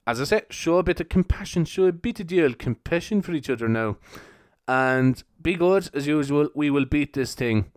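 A young man rambles through a casual solo podcast, laughing often and leaning on fillers. His voice is smooth and clear. The recording is close and dry. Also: a little high, expressive, normal speed, dry recording. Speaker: podcast host.

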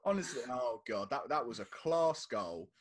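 A man's voice: mid-range voice, measured pace. A man co-hosting a casual football podcast, telling stories and acting out what people said. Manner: animated storytelling, acts out quotes. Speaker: podcast co-host.

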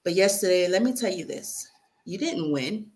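Here a young adult woman reads her own letter as emotional spoken word, her fairly low voice darkish in tone with lively intonation at a moderate pace. The delivery is earnest and heartfelt, and now and then she nearly cries.

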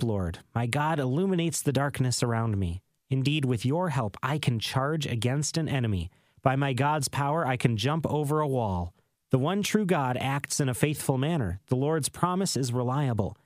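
A man reads scripture in a steady, measured way at an ordinary middle pitch. His phrases often settle low at the end. The sound is dry and close, with no room around it. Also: no echo. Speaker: scripture reader. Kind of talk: steady scripted Bible reading.

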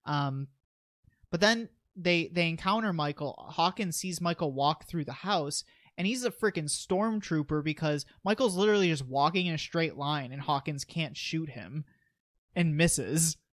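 A man's voice: fairly high pitch, moderate pace, fairly bright tone, no room sound. A man co-hosting a podcast, chatting casually through a movie recap with eager asides. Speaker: podcast co-host.

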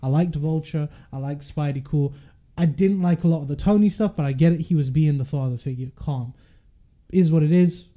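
A man's voice: fairly high pitch, warm tone. A man co-hosting a podcast, ranting with passion and indignation in casual chat. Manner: passionate, indignant, fast rants. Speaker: podcast co-host.

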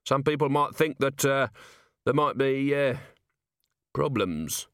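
A gruff, weary middle-aged watch commander, voiced by a man reading aloud. He speaks in curt, grumbling lines, set low and a touch quieter, in a dry storybook recording. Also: takes it slowly, no room sound.

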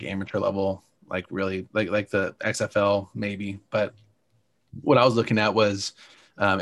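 A man's voice: lowish voice, vocal fry, no echo, clean studio sound. A young man co-hosting a sports podcast, talking casually with many fillers and restarts. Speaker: podcast co-host, soccer fan.

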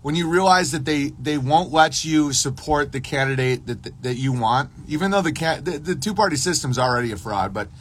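Male podcast host, slightly high voice, rambling livestream monologue, acts out both sides of quoted exchanges. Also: a little fast, hardly any pauses, slightly rough.

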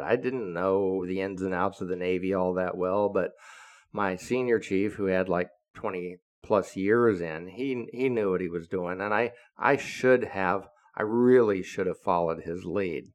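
A man's voice: low voice, moderate pace. An older man telling a navy story in a casual, profane way and acting out what others said, as a podcast host. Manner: profane, acts out quoted dialogue.

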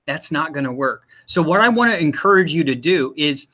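A man's voice: on the high side, expressive, fairly quick, few pauses, bright, forceful tone. A man working as a career coach, giving direct, emphatic interview advice and repeating his key points. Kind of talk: instructional talk to viewers.

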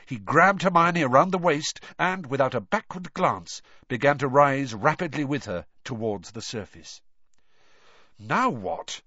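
A man reading a story aloud as audiobook narration, expressive and shifting in intensity. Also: medium pitch, slightly rough, no room sound. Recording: dull lo-fi dry recording.

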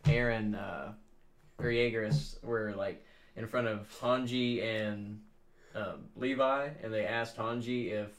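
A man's voice: on the low side, steady tone, slow. A young man co-hosting a casual podcast chat, laid-back, chiming in with short replies and fillers. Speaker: podcast co-host.

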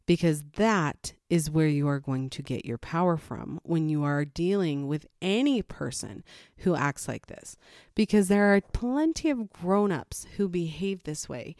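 This parenting vlogger, a mom, speaks in a low, clear, resonant voice, offering blunt, practical advice during a casual conversation. She livens it up with animated quoted asides, and the studio audio has no echo.

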